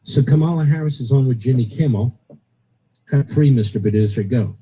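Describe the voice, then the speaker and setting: A man's voice: mid-range voice, a little fast, mellow, slightly rough, rough recording. A middle-aged man hosting a political talk radio show, blunt and opinionated, repeating his points for emphasis.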